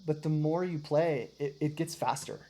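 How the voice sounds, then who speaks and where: Against a noisy background, a low-voiced woman at a moderate pace teaches guitar and singing to one student. Her manner is patient, with frequent "right?" check-ins and short sung demonstrations.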